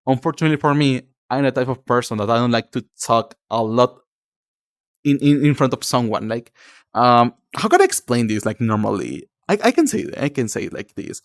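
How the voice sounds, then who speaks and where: Lively male streamer. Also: medium pitch, no room sound, clean studio sound. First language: Spanish. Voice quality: halting, searching for words in a second language. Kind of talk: casual live-stream chat, reading chat aloud.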